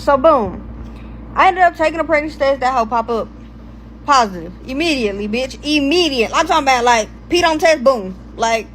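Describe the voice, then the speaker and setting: A young woman with a high voice tells a personal story straight to her audience. Her delivery is loose and full of swearing, and she drifts off track and asks herself where she was. There is a faint hiss under her voice. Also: expressive, normal speed, a bit bright, poor audio. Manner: profane, rambling, loses her place. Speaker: storytime vlogger. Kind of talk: casual storytime monologue.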